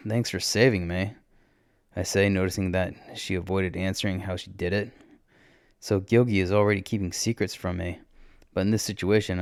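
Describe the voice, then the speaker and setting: A man reading a first-person fantasy story aloud in a steady, plain storytelling manner on a close mic. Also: deep voice, dry recording. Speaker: narrator.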